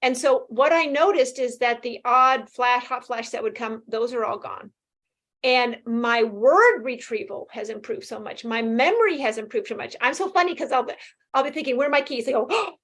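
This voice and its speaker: A woman in her fifties talks fast and with lively energy as an interview guest. Her voice sits a little high, and she laughs easily between thoughts. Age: 50s. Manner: fast-talking, animated, laughs often. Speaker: guest sharing her experience. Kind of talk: casual interview testimonial.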